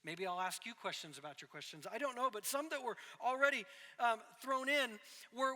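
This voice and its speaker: High-voiced pastor preaching in a reverberant hall. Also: male voice, moderate pace, bright, forceful tone. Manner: conversational, self-deprecating, frequent "right?" asides. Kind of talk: sermon to young adults.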